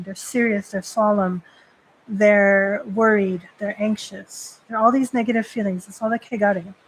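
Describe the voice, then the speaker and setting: A woman priestess hosting a casual live stream. She talks in a chatty, rambling way, filling her sentences with "like." Her voice sits at an ordinary middle pitch. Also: fairly even intonation, normal speed, a little hiss or hum, poor audio. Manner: chatty, heavy use of "like" fillers. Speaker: Shinto priestess and host.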